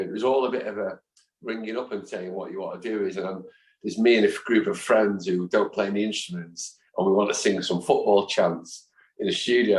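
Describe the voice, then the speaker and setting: Man, middle-aged, lively storyteller, lowish voice, echoey room. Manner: lively, chatty, animated anecdotes. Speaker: guest, football fan and chant songwriter. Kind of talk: anecdotal storytelling in conversation. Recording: roomy echo.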